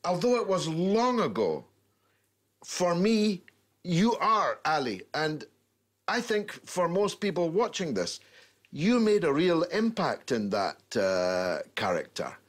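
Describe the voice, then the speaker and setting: A man's voice: fairly high pitch, big pitch swings, takes it slowly. An older man hosting a broadcast interview, asking pointed questions with asides. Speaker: talk show host.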